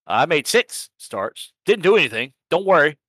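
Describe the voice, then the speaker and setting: A man's voice: fairly high pitch, very animated, moderate pace, fairly bright tone, dry recording. A man recapping a sim racing season in a casual, rambling chat, swearing freely and laughing at himself. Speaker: sim racing league organizer and podcast host.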